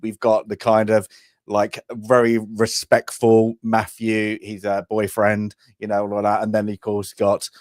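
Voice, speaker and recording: A man's voice: lowish voice, completely flat delivery, unhurried, darkish tone, dry recording, studio quality. A man co-hosting a casual film review podcast, rambling with plenty of fillers. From England. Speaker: podcast co-host.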